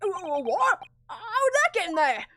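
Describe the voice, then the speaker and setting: A woman voicing a panicky male witness in a courtroom game, stammering and protesting loudly. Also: very high voice, sing-song, a little slow, no room sound, pitched above the performer's own voice, heavily acted. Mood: panicked.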